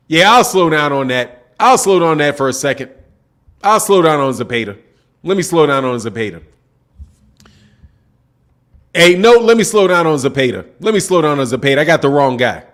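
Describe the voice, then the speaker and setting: High-voiced emphatic man ranting. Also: a bit bright. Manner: emphatic, repetitive, slangy, talks back to chat. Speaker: boxing channel host. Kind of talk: casual live-stream commentary.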